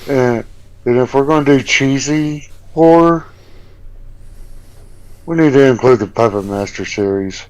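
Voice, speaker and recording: A man talking at a slow, relaxed pace in a casual conversation. He takes his time and stays easygoing. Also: mid-range voice, clear, resonant tone, poor audio. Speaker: podcast guest. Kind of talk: casual chat.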